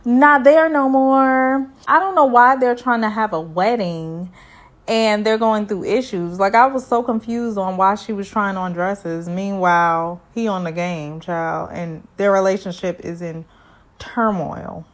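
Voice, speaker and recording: A young woman giving a casual, sassy recap of a reality show, full of animated asides to her viewers. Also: mid-range voice, unhurried. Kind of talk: casual review commentary.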